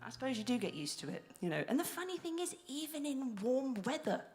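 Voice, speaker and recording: British lady bantering on stage, kinda high voice, rambly and self-deprecating. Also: sing-song, brisk, a little mellow. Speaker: stage co-host. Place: live music venue.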